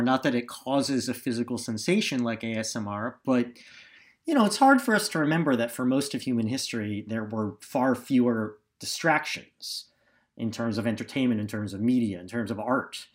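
A man's voice: mid-range voice, lively intonation, fairly quick. A man co-hosting a podcast in casual chat, with a wry, self-deprecating sense of humor. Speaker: quizmaster and podcast co-host.

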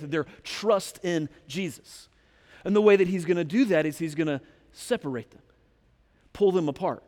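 Male pastor, chatty sermon delivery with asides to the room, a touch high, long hall echo. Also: a little mellow. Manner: conversational, direct asides to the congregation. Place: church sanctuary.

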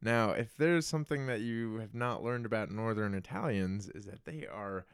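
A man's voice: on the low side, normal speed, smooth, no room sound, studio quality. A young man co-hosting a casual podcast chat, telling stories and laughing often. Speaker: podcast co-host.

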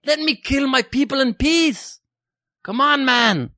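A man's voice: very high-pitched, slow pace, pushed and bright, dry recording, studio quality, voice pushed up, full character voice. A man voicing a cocky, callous caricature of a male dictator in a mock Jamaican accent, swaggering and profane. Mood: gleeful swagger.

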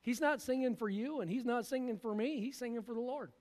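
A man delivers a sermon from the pulpit, his voice unusually high for a man. He acts out the people in the story as he preaches. A long church reverb trails behind every phrase. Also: a little fast, darkish tone. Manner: preaching with acted-out voices of biblical figures. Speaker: pastor.

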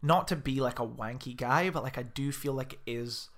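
In this casual film review chat, a podcast co-host talks at a moderate pace in a medium-pitched, fairly bright voice. He's chatty, laughs a lot, and now and then puts on mock Scottish pub accents.

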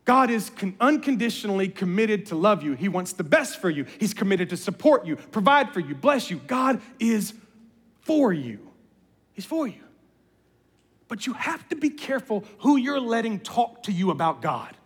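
A middle-aged man preaching a sermon, telling animated personal stories with humor. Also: high-pitched, normal speed, breathy edge. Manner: animated storyteller, jokes and voices family members. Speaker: pastor. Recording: reverberant hall.

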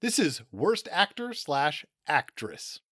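Man, podcast co-host, bright tone, lively pitch, sarcastic jokes, a bit tipsy, dry close mic. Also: slow pace, breathy edge, no room sound. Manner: jokey, laughs often, sarcastic. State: slightly tipsy. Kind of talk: casual comedic chat.

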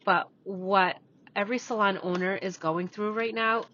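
A woman's voice: medium pitch, steady tone, normal speed, bright, forceful tone, a little hiss or hum. A woman co-hosting a podcast from inside a parked car, upbeat, agreeable and casual. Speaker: podcast co-host, salon owner. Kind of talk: casual chat. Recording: dull lo-fi sound.

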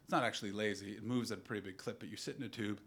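A Canadian man in his thirties telling a stand-up comedy story and bantering with the audience, swinging from loud outbursts to low asides. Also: steady tone, very fast, breathy edge. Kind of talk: stand-up comedy with crowd work.

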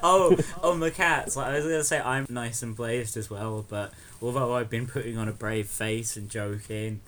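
A man's voice: on the low side, steady tone, normal speed. A young man co-hosting a podcast, chatting casually with a sardonic, laughing manner. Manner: sardonic, swearing, laughs often. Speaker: podcast co-host. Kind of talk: casual chat.

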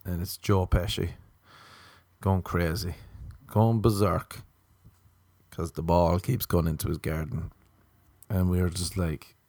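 Rambling man, low voice. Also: steady tone, slow pace, pauses often, darkish tone, dry recording, studio quality. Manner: rambling, crude, self-mocking. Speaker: podcast host. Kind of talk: rambling comedic podcast monologue.

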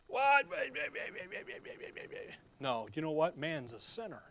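A man's voice: a little high, animated, normal speed, slight background noise. A man preaching a sermon in a conversational, storytelling way. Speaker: pastor.

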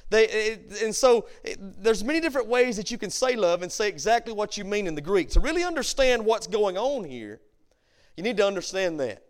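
High-voiced preaching pastor. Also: male voice, big pitch swings, a little fast. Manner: preaching with sudden swings from hushed to loud; reads King James scripture aloud. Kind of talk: sermon. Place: church sanctuary.

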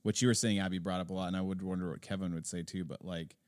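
A man in his forties hosting a casual podcast chat, halting and restarting often, quick to laugh. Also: deep voice, fairly even intonation, a little mellow, no echo, clean studio sound. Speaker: podcast host.

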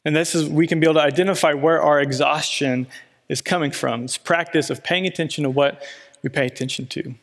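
A man's voice: a little high, a little fast. Man preaching in a reverberant hall. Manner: relaxed storytelling with many "you know" fillers. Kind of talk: sermon. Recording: long reverb in a large hall.

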